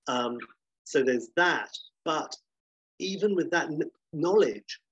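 Rambling man, husky voice. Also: on the high side, animated, slow pace, a bit bright, no room sound, highs cut off. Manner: rambling, self-correcting, enthusiastic. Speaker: podcast co-host. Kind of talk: casual chat.

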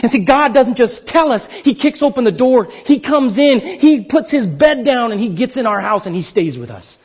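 A man in his thirties preaching a sermon as pastor, swinging from loud, high exclamations to slow, hushed pleading. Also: expressive, husky, lo-fi sound.

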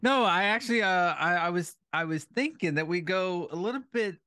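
A man guesting on a casual podcast, playfully spinning deadpan nonsense. His voice is fairly high and very lively, swinging up and down in pitch. The sound is dry and close. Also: a little fast, dry recording. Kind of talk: casual chat.

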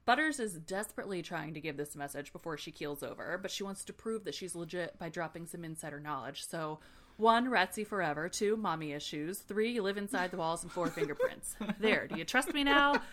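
A young woman hosting a casual book recap, sarcastic, profane and animated. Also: lowish voice, brisk. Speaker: podcast host.

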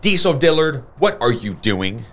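A man voicing a spunky young girl who owns a rooster, speaking in a higher, bossy voice. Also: animated, normal speed. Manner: bold, bossy, higher girlish voice.

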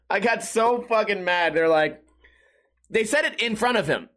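Male podcast host, a bit high-pitched, loose profane storyteller who mocks himself. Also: lively intonation, measured pace, a bit bright. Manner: rambling, profane, self-mocking. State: sweating in a hot room. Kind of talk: casual storytelling monologue.

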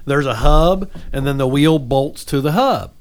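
A man's voice: medium pitch, a little slow. A man telling a long story in casual chat, rambling, with many restarts and asides.

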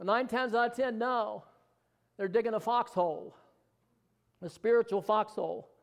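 A man preaching a sermon with fervor, building up to loud declarations and dropping into joking asides. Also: sits high, moderate pace, creaky.

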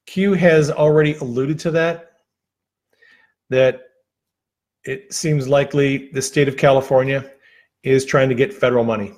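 A man's voice: medium pitch, steady tone, darkish tone. Man rambling on a livestream. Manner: rambling, halting, with many fillers and restarts. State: losing his voice. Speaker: livestream host. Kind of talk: casual livestream chat.

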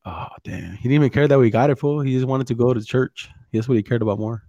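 A man's voice: medium pitch, steady tone, quick pace, warm tone, muffled recording. Man, casual profane chat. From California. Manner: swears a lot, mixes in Spanish slang. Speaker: podcast host.

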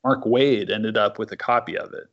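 A man's voice: fairly low pitch, steady tone, moderate pace. A man, a comic book writer, chatting casually as a podcast guest and rambling through a story with lots of fillers. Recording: dull lo-fi sound.

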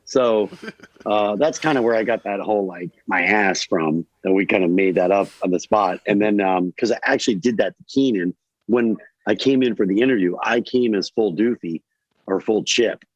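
A man from Delaware, a guest actor in a casual podcast chat, rambling and animated with lots of fillers. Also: lowish voice, normal speed, dry recording, muffled recording. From Delaware, USA.

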